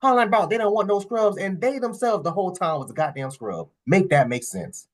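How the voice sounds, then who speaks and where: A man with hosting a reaction video, animated and emphatic, laughing and swearing as he comments. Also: high voice, brisk.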